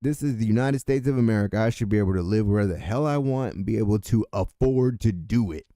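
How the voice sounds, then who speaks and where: A man's voice: fairly low pitch, quick pace, dark tone, dry recording, clean studio sound. A man from California hosting a political show, ranting angrily and swearing often. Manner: heated, profane, ranting. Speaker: political commentary host. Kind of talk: angry political rant.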